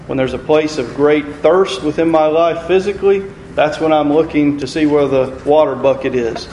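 A man teaching a Bible study group, earnest, repeating key phrases and slowing down to stress scripture. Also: fairly high pitch, a little mellow. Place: room with a group, reading from a computer. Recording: echoey room, faint ambient noise.

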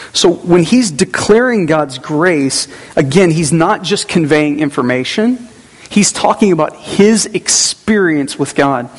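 A man preaching a conversational sermon as pastor, with personal asides. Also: fairly high pitch. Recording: long hall reverb.

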